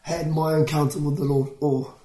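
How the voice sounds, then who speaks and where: A man hosting a casual faith conversation, encouraging and quick to affirm. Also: fairly high pitch, level tone, mellow, reverberant, rough recording. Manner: encouraging, short affirmations, says "bro".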